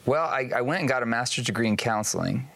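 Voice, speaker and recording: A man's voice: medium pitch, vocal fry, a bit bright. A man who is a guest author, telling earnest stories in a casual interview on a TV studio set. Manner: earnest storyteller, brisk anecdotes.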